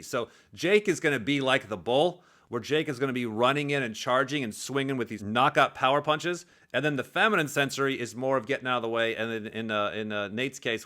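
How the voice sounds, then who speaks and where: A man talks fast and loose about what he has just watched, cursing freely and chuckling between points. His voice is bright and pushes forward with energy. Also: medium pitch. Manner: profane, animated, laughs often. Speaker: personality typing commentator. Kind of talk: casual commentary over clips.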